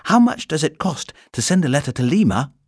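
A man voicing an excitable young boy in a storybook reading, eager and admiring. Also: fairly high pitch, brisk, husky, dry recording, clean studio sound, pitched above the performer's own voice. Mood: excited.

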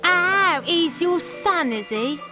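A man puts on a cheeky young Cockney flower girl for this storybook, pitched way up high and swooping wildly. She drawls her protests loud and brash, with faint music underneath. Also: expressive, slow, exaggerated voice.

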